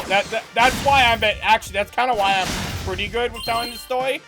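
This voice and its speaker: A man co-hosting a podcast, telling a long anecdote in a rambling, animated way with many restarts. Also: high voice, a little fast, few pauses, over loud music. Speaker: podcast co-host. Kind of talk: casual storytelling chat.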